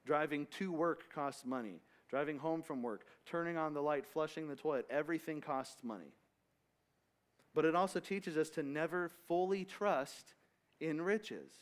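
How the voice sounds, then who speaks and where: A man's voice: a little high, moderate pace. Man teaching a casual Bible study. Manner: casual, rambling with restarts and asides.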